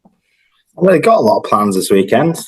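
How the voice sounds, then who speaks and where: A man in his thirties from northern England chatting casually as a guest on a video call, relaxed and rambling with plenty of fillers. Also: mid-range voice, normal speed, slightly rough, low-quality recording. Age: 30s. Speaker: guest, host's childhood friend. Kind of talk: casual chat.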